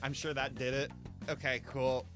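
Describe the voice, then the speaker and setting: A man's voice: medium pitch, little pitch movement, over music. A man streaming a video game, chatting casually in a jokey, rambling way. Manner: jokey, rambling, quick laughs. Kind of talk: casual gameplay commentary.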